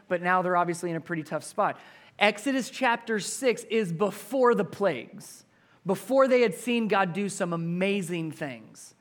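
A man delivering a sermon with a notably high voice. He preaches with emphasis, driving points home through repetition. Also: fairly bright tone. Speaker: pastor.

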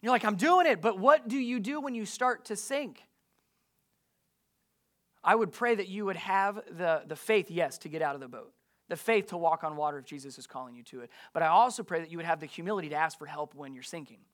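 A man's voice: fairly high pitch, a little fast. A man preaching a sermon as a pastor, emphatic and full of rhetorical questions to his listeners.

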